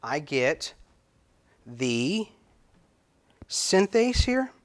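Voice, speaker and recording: A middle-aged man giving a recorded biochemistry lecture, halting and filler-heavy, stretching out key words. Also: a little high, very animated.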